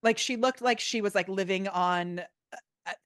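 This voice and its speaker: A woman guest on a podcast, telling stories in a bubbly, animated way with lots of fillers. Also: mid-range voice, normal speed, no room sound, clean studio sound. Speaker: guest, business coach. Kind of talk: casual podcast interview.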